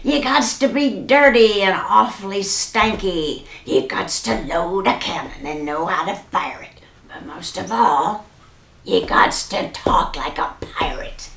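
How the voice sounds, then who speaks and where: A cranky storybook pirate captain who barks his orders in thick pirate slang, as a woman reads him aloud. His voice swoops and grates with a gravelly edge. The sound carries the echo of a room. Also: medium pitch, lively intonation, unhurried, a bit bright. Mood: bossy. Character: gruff bossy male pirate captain. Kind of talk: storybook read-aloud for children.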